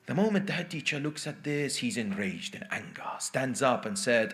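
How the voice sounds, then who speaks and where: A male preacher giving a sermon, telling a story with dramatic dips into hushed tones and asking the congregation questions. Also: medium pitch, lively intonation, normal speed, hardly any pauses.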